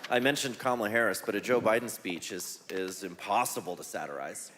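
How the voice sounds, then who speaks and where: A man in a relaxed forum conversation in a church hall. He speaks wryly and laughs at his own jokes. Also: on the low side, fairly quick, a little hiss or hum. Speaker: satire site founder as guest. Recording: reverberant hall with faint ambience.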